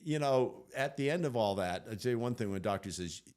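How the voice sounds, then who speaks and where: An older man, appearing as an interview guest, tells a personal story with animation, laughing often and acting out what other people said. His voice is medium-pitched and fairly quick.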